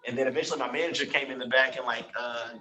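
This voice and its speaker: A man's voice: medium pitch, racing, poor audio. A young man telling a story in casual slangy chat, acting out both sides of an argument. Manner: animated, slangy, acts out both sides of a quarrel. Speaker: podcast guest telling a story.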